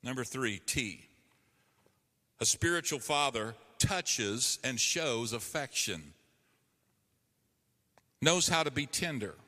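A man's voice: medium pitch, big pitch swings, takes it slowly, pauses often, sharp tone, long reverb tail. A man preaching a sermon to a congregation, emphatic and earnest, calling for responses. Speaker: pastor.

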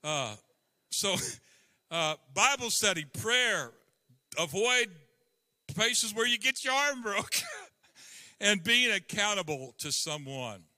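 A man's voice: sits high, big pitch swings, slow, pauses often, sharp tone, no echo. A man preaching a sermon in a playful, chuckling way, then reading a children's story aloud.

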